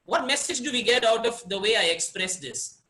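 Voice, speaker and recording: A man from India giving a webinar on presentation skills, speaking expressively and playing with pauses and emphasis. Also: sits high, expressive, pushed and bright, poor audio. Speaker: webinar speaker, success coach. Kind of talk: online presentation training.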